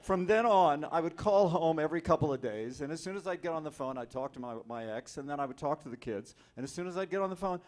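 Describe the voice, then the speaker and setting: A man telling a lively anecdote as an actor on a convention panel, speaking into a handheld mic. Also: a little high, fairly quick, hardly any pauses. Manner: lively, animated storyteller. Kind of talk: storytelling anecdote. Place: convention hall.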